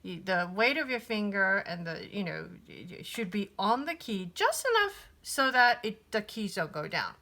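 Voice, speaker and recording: A woman's voice: medium pitch, big pitch swings, normal speed, hardly any pauses, pushed and bright. A woman giving a casual piano lesson, thinking aloud with many fillers and restarts. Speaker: piano teacher.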